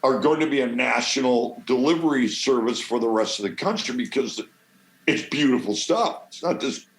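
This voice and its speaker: A man from the American Midwest, a podcast guest who grows cannabis, telling stories in a swaggering, salty, animated way. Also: medium pitch, normal speed, roomy sound, rough recording. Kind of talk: casual storytelling.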